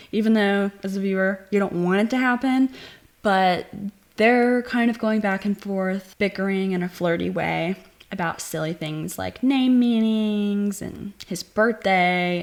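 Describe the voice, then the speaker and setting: A woman hosting her own channel, giving a casual spoken movie review and retelling the plot in a chatty, animated way. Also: mid-range voice. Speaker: film reviewer and channel host.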